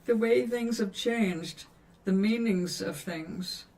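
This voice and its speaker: A woman's voice: medium pitch, takes it slowly, a little mellow. An older woman chatting casually on a livestream as she paints, musing aloud and answering viewers' questions. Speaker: livestream host. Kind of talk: casual chat while painting.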